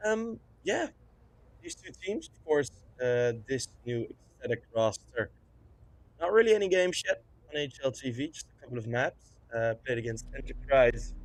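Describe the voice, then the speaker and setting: Casting note: man, mid-pitched esports caster, easygoing filler-laden chatter, morning voice, quiet music underneath. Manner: relaxed, filler-heavy chatter during a tech pause. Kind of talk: live esports commentary.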